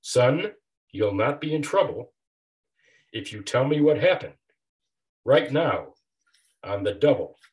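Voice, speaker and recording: A man's voice: mid-range voice, very animated, takes it slowly, long pauses, darkish tone, low-quality recording. An older man voicing a firm, kindly male school principal in a storybook reading, speaking firmly and reassuringly.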